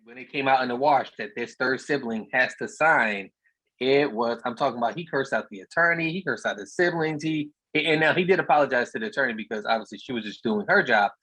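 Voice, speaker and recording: A man's voice: medium pitch, fairly quick, bright, forceful tone, breathy edge, dry recording, low-quality recording. A man speaking as a guest on an online meetup, telling plain, casual stories about buying property. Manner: storytelling, plainspoken, repeats words. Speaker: real estate investor speaker. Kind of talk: casual talk on a video meetup.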